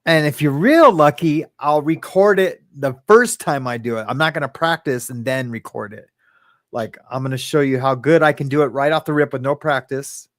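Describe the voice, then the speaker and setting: A man's voice: a little high, normal speed, no room sound. Chatty man reading viewer comments. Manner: chatty, rambling, reads viewer comments aloud, laughs often. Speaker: host. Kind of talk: casual livestream chat. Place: home living room. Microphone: webcam or phone in his home.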